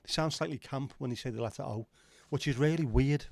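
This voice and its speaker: A male livestream host with a medium-pitched, creaky, darkish voice talks briskly as he reads viewer comments. He rambles, jokes, and swears casually while chatting with his audience.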